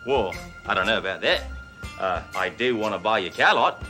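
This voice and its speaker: A man's voice: fairly low pitch, animated, normal speed, pushed and bright, faint music behind. Man putting on a blustering fake-Aussie tycoon. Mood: flirty. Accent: fake Australian. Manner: boastful, blustering, hammy. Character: brash loud male cop posing as an Aussie tycoon.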